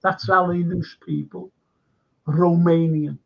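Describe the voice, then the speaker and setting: A man's voice: sits high, unhurried, gravelly, slightly rough. A man hosting a casual talk show, rambling with restarts and reading viewer comments aloud. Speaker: host. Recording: dull lo-fi sound.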